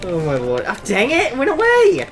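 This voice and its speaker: A woman gamer chatting casually over a fighting game, with excitable exclamations. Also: on the high side, a little fast, slight background noise. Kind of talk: casual gaming chat. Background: loud game music.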